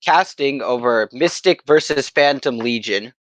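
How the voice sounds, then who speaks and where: An easygoing man calling an esports match live, his voice at an ordinary middle pitch. The sound is dry and close, with no room echo. He stumbles now and then and fills gaps with an "uh" as he talks. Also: lively intonation, measured pace, a bit bright. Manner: easygoing, with a few stumbles and filler words. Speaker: esports caster.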